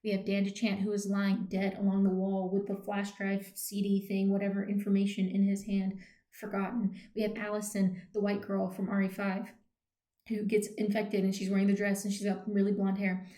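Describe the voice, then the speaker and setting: A woman's voice: mid-range voice, monotone, normal speed, dark tone. A young woman vlogging in a loose, chatty way, full of 'um' and 'like' and the odd casual swear word. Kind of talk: casual rambling commentary. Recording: roomy echoey room.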